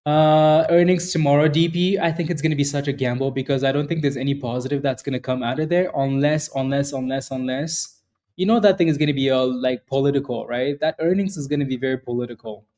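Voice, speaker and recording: A man with a mid-range, slightly mellow voice talks fast in fairly even intonation while hosting a live stock trading stream. He chats loosely through market commentary, answers viewers by name, and rambles with frequent restarts.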